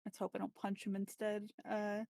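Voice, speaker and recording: A woman's voice: mid-range voice, monotone, normal speed, warm tone, no echo. A woman playing a tabletop game, chatting in a wry, easygoing way. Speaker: player. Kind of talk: casual tabletop play.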